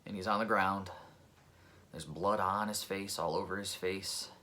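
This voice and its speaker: A man's voice: low-pitched, fairly even intonation, measured pace, sharp tone. A man, a pest control technician, telling a personal story in an earnest, reflective, conversational way.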